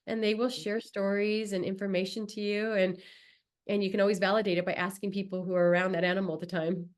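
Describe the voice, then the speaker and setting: A woman from Southern California, a podcast guest telling a personal story in a casual, animated way, acting out the people she quotes. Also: mid-range voice, fast talker. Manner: animated, acts out quoted voices.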